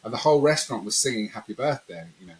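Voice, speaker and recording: A man's voice: medium pitch, very fast, slight background noise, rough recording. A man telling a personal story in a conversational interview, rambling and acting out quotes. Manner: rambling, animated storyteller who acts out quotes. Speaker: podcast guest.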